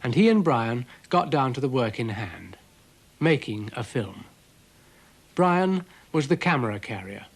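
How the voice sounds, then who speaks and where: British male storybook narrator, gentle and dry, unhurried. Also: medium pitch, big pitch swings, husky.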